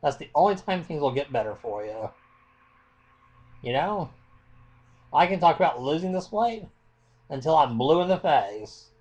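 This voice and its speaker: A man records a heated rant into his webcam at home. His voice sits a little high and swings up and down a lot as he talks, blunt and impassioned, swearing freely as he makes his points. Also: sing-song, unhurried, long pauses, darkish tone, lo-fi sound. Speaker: vlogger.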